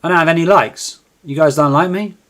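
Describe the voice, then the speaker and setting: A man's voice: on the high side, brisk, fairly bright tone. A man hosting a live trading stream, chatting casually and coaxing viewers to join in.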